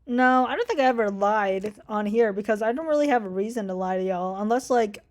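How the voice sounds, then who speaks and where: A woman's voice: medium pitch, brisk. A young woman telling a casual storytime, chatty and swearing a lot, voicing people she quotes with animation. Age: young adult. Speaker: vlogger.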